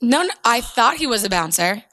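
A woman's voice: on the high side, very animated, fairly quick, pushed and bright. A young woman telling a story in casual chat, acting out the voices of the people she quotes.

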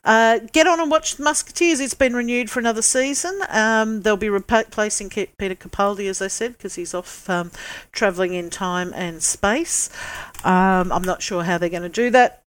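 A woman's voice: mid-range voice, moderate pace, clean tone. Woman cohosting a tv podcast, chatty, lots of ums, easygoing. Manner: chatty, hesitant, many ums. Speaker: podcast co-host. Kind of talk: casual chat.

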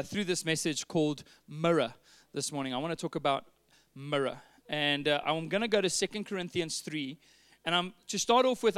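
High-voiced, earnest male preacher. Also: clean tone. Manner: earnest and animated, with acted asides. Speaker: pastor. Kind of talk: sermon.

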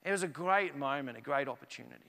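A man's voice: medium pitch, expressive, fast talker, vocal fry, bright, forceful tone. A man preaching a sermon as pastor, telling stories animatedly and acting out the dialogue. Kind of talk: sermon with personal storytelling. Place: church. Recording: echoey church hall.

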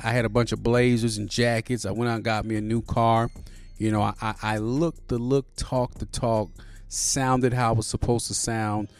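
Laid-back, cussing man over a soft beat. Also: mid-range voice. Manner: laid-back, profane, lots of "you know" fillers. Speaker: podcast host. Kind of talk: casual podcast monologue. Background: soft beat playing underneath.

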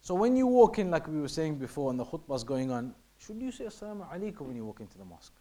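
A man's voice: on the high side, big pitch swings, fast, dark tone. A man teaching a religious lesson, reading passages and explaining them in English. He repeats his points often and sometimes drops to a near-whisper to show how something is said. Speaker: teacher of Islamic law.

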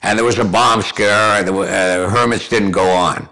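A man's voice: fairly low pitch, steady tone, moderate pace, gravelly, bright, forceful tone. An older man from Canada, a guest telling long rambling anecdotes with restarts and chuckles. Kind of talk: conversational storytelling.

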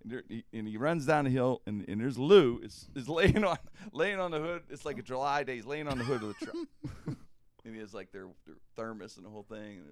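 A radio talk show host speaks a little fast in a mid-range voice with no echo, recorded in a studio. Animated and laughing often, he drawls "man" as he tells his story.

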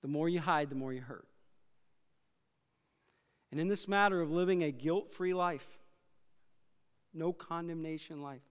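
A high, smooth-voiced man preaches a sermon, dropping to quiet remarks and then rising to loud, emphatic passages. His voice rings out with a long reverb, as if filling a large church sanctuary. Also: a little slow, pauses often. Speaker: pastor.

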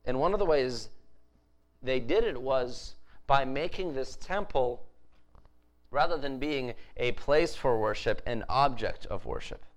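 A man's voice: medium pitch, lively intonation, unhurried, rough recording. A man preaching a sermon in a conversational way, with frequent restarts and emphatic rises. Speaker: pastor.

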